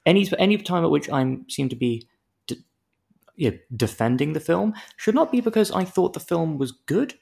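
A man's voice: on the high side, lively intonation, normal speed, vocal fry, a little mellow. A man co-hosting a film review podcast, chatting casually and rambling into wry comic analogies.

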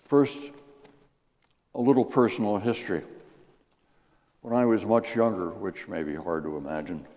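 A man giving a New Year's Day sermon, reading scripture and a poem in a measured, expressive way. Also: on the low side. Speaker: guest preacher. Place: church sanctuary. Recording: reverberant church hall.

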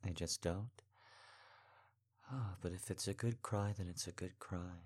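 A young man in an intimate audio role-play as a boyfriend, talking softly and tenderly with frequent sighs. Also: low-pitched, a little slow, breathy edge.

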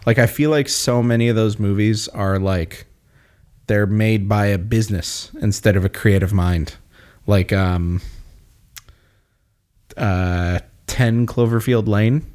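A man's voice: on the low side, takes it slowly, darkish tone. A man in casual chat, an opinionated movie fan who talks at length and hiccups a little.

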